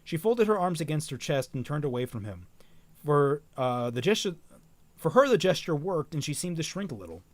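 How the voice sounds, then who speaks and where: A man's voice: on the high side, sing-song, normal speed, dry recording. A man reading a fan story aloud on a stream, correcting himself often and dropping casual, profane asides.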